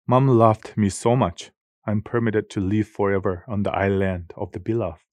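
A man voicing a gentle, bearded toy angel in an audiobook, speaking in a lilting sing-song. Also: fairly low pitch, steady tone, moderate pace, dry recording, close to an everyday voice. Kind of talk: audiobook character voice.

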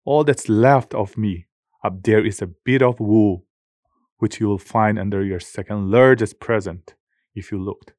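A gentle toy angel with a beard speaks in a lilting sing-song. A man puts him on in a storybook reading. The sound is close and dry. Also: on the low side, measured pace, dry recording, close to an everyday voice. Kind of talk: audiobook character voice.

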